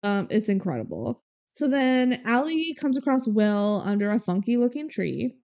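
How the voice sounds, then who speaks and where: A young woman co-hosting a podcast, retelling a movie quickly with laughs and mock quotes. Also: a little high, big pitch swings, a little mellow. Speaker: podcast co-host. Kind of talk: casual chat recapping a movie.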